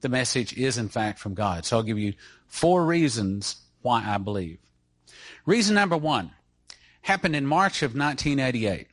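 A man's voice: mid-range voice, fairly bright tone, no echo, studio quality. A middle-aged man speaking to a church audience, introducing a guest through an earnest personal story. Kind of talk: testimony-style talk to an audience.

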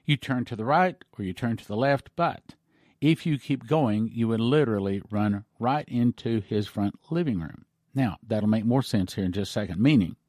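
A male pastor retelling a story in an animated, conversational broadcast sermon. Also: mid-range voice, dry recording, studio quality.

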